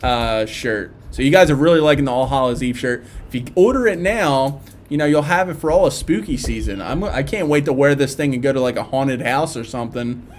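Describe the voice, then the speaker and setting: Philly guy doing a chill live stream, reading comments, um-ing a lot, normal pitch. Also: expressive, fairly quick, slight background noise. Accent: Philadelphia. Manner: chatty, reads viewer comments aloud, many fillers. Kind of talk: casual live-stream chat.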